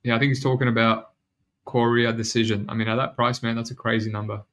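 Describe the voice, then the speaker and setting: A man's voice: medium pitch, little pitch movement, fast, fairly bright tone. A man with a New Zealand accent hosting a casual betting podcast, chatting in a loose, slangy way. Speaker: podcast host.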